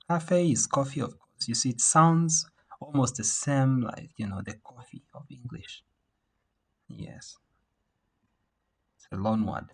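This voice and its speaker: A man teaching a beginner Mandarin class over a video call, saying words slowly for learners to repeat. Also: medium pitch, creaky, breathy edge, rough recording. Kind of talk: online language lesson.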